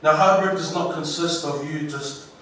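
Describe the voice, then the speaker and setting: A man with a New Zealand accent giving an inspirational graduation speech, slow and emphatic, heard from far off through a hall's speakers. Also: fairly high pitch, fairly bright tone, slight background noise. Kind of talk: ceremonial speech. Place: large school hall. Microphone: PA microphone, recorded from the audience. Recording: echoey hall from far off.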